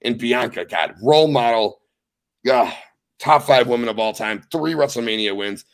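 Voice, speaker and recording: A young man hosting a casual wrestling recap podcast, talking with excited, profane emphasis. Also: mid-range voice, moderate pace. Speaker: podcast host.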